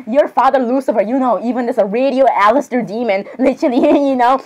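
High-voiced giggly young woman. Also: quick pace. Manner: rambling, keeps apologizing, frequent giggles. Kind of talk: in-character cosplay role-play chat.

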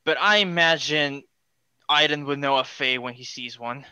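A man's voice: mid-range voice, moderate pace, bright, forceful tone, clean tone, dry recording. A man playing a tabletop game, talking casually and swearing now and then. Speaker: player. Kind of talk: casual chat.

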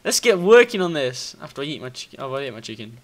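A man giving casual gameplay commentary, excitable, thinking out loud, swearing and bursting into high squeals. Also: fast. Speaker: gaming video host.

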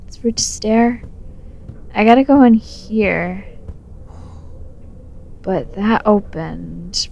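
A woman's voice: mid-range voice, extremely slow, vocal fry, long pauses, darkish tone, highs cut off, slight background noise. A tipsy young woman chatting and swearing through a let's play, talking back to the game's character. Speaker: gamer. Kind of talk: casual drunk let's play commentary.

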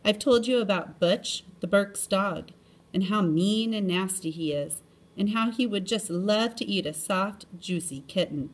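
A woman reading the part of a stern mother cat who sends her grown kittens away, in a flat, firm, matter-of-fact voice. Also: medium pitch, measured pace, close to an everyday voice. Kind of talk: storybook reading.

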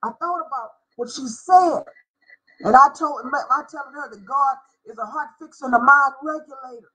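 A middle-aged woman, a former schoolteacher, telling a personal faith story with deep feeling and spelling out words for emphasis. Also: normal speed, sharp tone, low-quality recording. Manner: emotional, spells out words, sings briefly. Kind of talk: personal testimony.

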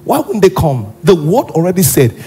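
A man preaching a sermon in a church. He is animated and often acts out characters. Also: fairly high pitch, moderate pace, soft background music. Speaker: pastor.

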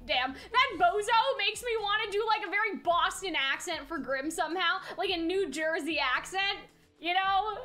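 A woman's voice: very high voice, expressive, moderate pace, pushed and bright, faint music behind. A young woman streaming, reacting casually to a game with giggly, rambling chatter.

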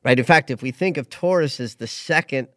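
A man hosting a casual astrology chat, emotional and animated, often restarting his sentences. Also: mid-range voice, fairly quick, no echo, clean studio sound. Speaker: astrologer host.

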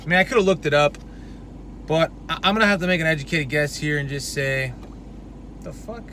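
A man's voice: a little high, fairly even intonation, fairly quick, sharp tone, a little hiss or hum. A man giving a casual, profane product review in a brash, loose way. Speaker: supplement reviewer.

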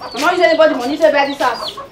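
A woman's voice: high-pitched, very fast, heavy background noise, natural voice. A woman with a Nigerian accent playing a strict, nagging landlady in a comedy skit. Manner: bossy, nagging, talks in Pidgin. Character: strict scolding landlady, middle-aged woman.

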